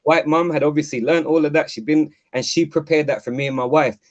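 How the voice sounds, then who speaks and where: Caller: talkative man, slightly high voice, rambling, muffled video-call sound. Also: fairly even intonation, brisk. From London. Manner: chatty, rambling storyteller with many fillers and restarts. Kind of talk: casual chat. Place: home, call-in to live show.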